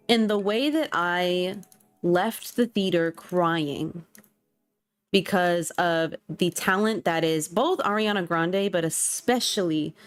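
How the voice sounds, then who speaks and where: A woman's voice: mid-range voice, dry recording. A young woman streamer chatting casually and animatedly while she plays a game, full of slang and exclamations. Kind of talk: casual chat while gaming.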